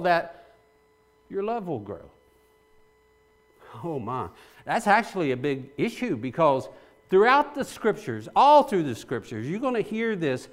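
Male pastor, somewhat high voice with lively rise and fall, preaching with repeated questions and restarts. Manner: repeats phrases for emphasis, asks the congregation questions; restarts and stumbles often. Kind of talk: sermon.

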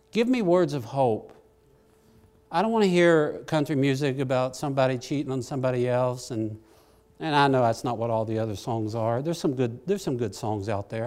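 A middle-aged man preaching, telling a personal story in a folksy, self-deprecating way that swings from hushed to excited. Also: a little high. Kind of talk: sermon storytelling.

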